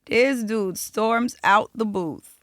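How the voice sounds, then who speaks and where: Animated woman from South Florida, dry sound. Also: on the high side, takes it slowly, dry recording. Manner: animated, profane, acts out quotes. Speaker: podcast guest, singer-songwriter. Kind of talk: casual storytelling interview.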